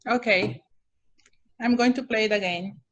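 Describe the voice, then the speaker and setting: A woman's voice: on the high side, unhurried, dull audio. A woman teaching an online English class, patiently repeating instructions and checking that students understand.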